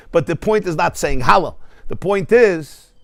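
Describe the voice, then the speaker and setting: A man, a rabbi, teaching a Torah class to a live audience in a study hall, animated and storytelling with humor, mixing in Hebrew terms. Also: high-pitched, slow, gravelly, studio quality. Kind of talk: lively Torah class lecture.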